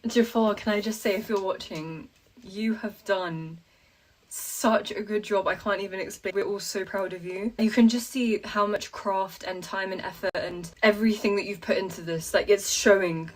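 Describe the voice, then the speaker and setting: A woman content creator gushing excitedly while reacting to a movie trailer. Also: medium pitch, normal speed.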